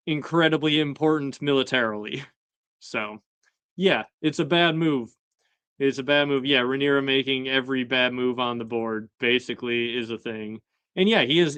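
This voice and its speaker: A man hosting a casual episode recap chat, talking in a relaxed way with lots of fillers and chuckling asides. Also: medium pitch, clear, resonant tone, no echo. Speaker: show host.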